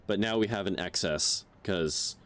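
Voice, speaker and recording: A man's voice: low voice, measured pace, a bit bright, slight background noise. A man hosting a casual game stream, joking and swearing as he thinks aloud. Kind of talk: casual gameplay chat.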